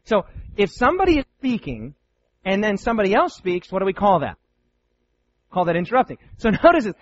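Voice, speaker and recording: A man preaching a sermon to Bible students, animated and playful, with many rhetorical questions. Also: sits high, a little fast, highs cut off.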